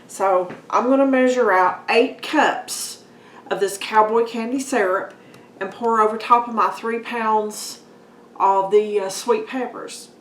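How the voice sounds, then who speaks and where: Her voice sits a little high and her delivery is unhurried as she works in her kitchen, chatting to her cooking-channel audience of guys and folks. Dishes and utensils clink in the echoey room, with slight background noise.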